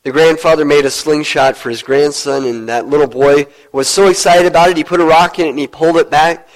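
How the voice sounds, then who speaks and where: Casual: pastor guy preaching, kinda high voice, earnest, goes low and slow on big points. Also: steady tone, rough recording. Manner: earnest, storytelling preacher who drops low to stress points. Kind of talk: sermon.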